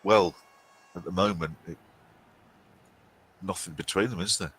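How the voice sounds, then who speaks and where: A man with a low but bright, forceful voice hosts a casual game commentary. He jokes and chats loosely, often restarting his sentences as he thinks aloud about the match. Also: steady tone, measured pace, husky, low-quality recording. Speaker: host.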